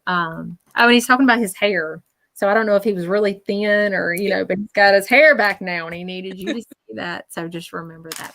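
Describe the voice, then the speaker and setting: Earnest woman medium at a middle pitch, emotional, relays spirit messages and keeps checking in. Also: creaky. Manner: earnest, relays messages in quoted speech, keeps asking "okay?"; animated, emotional. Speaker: psychic medium. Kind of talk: live-stream reading.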